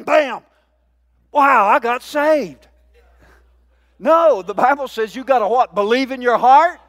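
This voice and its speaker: A man preaching a sermon, drawing out key words and calling for the congregation's response. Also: very high voice. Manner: call-and-response preaching, drawn-out emphasis. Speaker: pastor.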